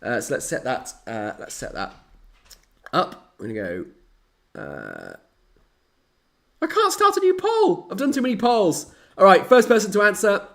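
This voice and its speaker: A young hobby streamer chats casually through a live stream in a high, fairly bright, creaky voice. He's unhurried and pauses often, with huge pitch swings. His register is light and slightly raised, and he stays playfully dramatic and chatty.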